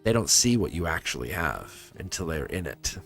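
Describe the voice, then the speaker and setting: A man's voice: low voice, very animated, normal speed, gravelly, fairly bright tone, faint music behind. A man giving live-stream tarot readings to viewers in a rambling, earnest way, often restarting his sentences and getting emotional.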